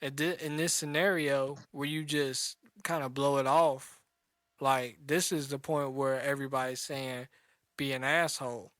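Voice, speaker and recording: A man's voice: medium pitch, fairly even intonation, measured pace, a bit bright, dry recording, studio quality. A man co-hosting a casual podcast chat, speaking hesitantly and thinking aloud. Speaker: podcast co-host.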